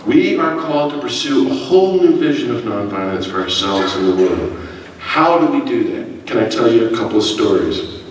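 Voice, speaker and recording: A man's voice: medium pitch, moderate pace, recorded from a distance, noisy background. Man preaching in an echoey hall. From United States. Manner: animated, self-deprecating humor, acts out quotes. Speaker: priest giving a keynote speech. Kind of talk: storytelling keynote speech.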